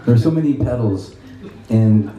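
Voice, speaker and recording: A man giving a guitar clinic, telling animated stories to an audience with laughter and quoted voices. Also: medium pitch, moderate pace. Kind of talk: casual storytelling to an audience. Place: music store clinic in front of an audience. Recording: echoey room, mic from a distance.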